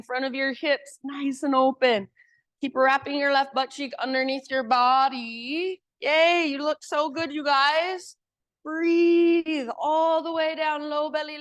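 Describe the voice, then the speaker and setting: A woman teacher guiding a live yoga class with calm, encouraging cues. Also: sits high, no echo.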